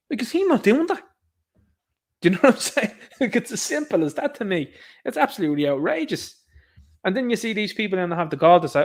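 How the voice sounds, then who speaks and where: A man's voice: high-pitched, expressive, fairly quick. A man with an Irish accent hosting a livestream, ranting with sarcastic indignation and calling his listeners lads. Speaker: livestream host.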